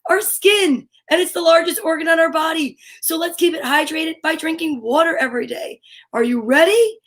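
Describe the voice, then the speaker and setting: A woman with a New Jersey accent hosting a live children's story time, talking to young viewers in an animated, sing-song way. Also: very high-pitched, moderate pace. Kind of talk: live-streamed children's program.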